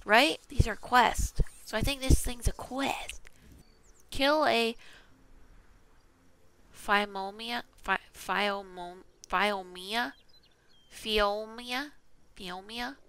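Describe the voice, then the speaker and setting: A woman's voice: mid-range voice, gravelly, bright, forceful tone. A woman casually talking to herself as she plays a video game, chatty and self-mocking. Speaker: gaming channel host. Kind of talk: casual gameplay commentary.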